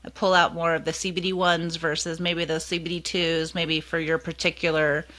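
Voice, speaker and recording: Casting: chatty woman clinician, low-ish voice, bright and forceful tone, casual podcast chat. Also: moderate pace. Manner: chatty, lots of fillers, animated retellings. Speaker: co-host and clinician.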